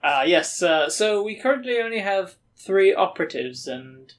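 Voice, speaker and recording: A man running a tabletop game as game master, genial and quick to chuckle. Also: high voice, big pitch swings.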